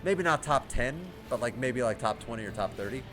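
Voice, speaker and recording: An American gaming streamer gives casual, rambling let's play commentary, laughing often over game music. His mid-range voice is expressive and brisk.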